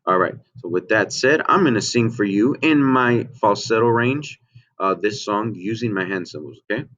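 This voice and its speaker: A man's voice: on the low side, moderate pace, fairly bright tone. A man teaching a remote music lesson to children, explaining patiently and checking in with "okay?" and "right?". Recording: dull lo-fi home recording.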